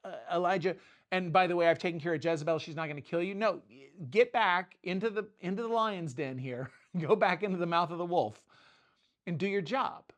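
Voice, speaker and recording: A man preaching in a loose, conversational way, with a slightly high voice. He jokes, trails off, and restarts his thoughts as he talks through his points. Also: fairly quick. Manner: conversational, self-interrupting, joking asides. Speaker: pastor. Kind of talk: informal sermon.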